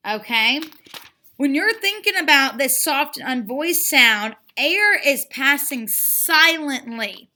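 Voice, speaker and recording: A woman leads a phonics lesson for children in a bright, sharp, high voice. She speaks very slowly, stretching each letter sound and repeating words with steady encouragement. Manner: slow, drawn-out sounding out of letters; encouraging and repetitive. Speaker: phonics teacher.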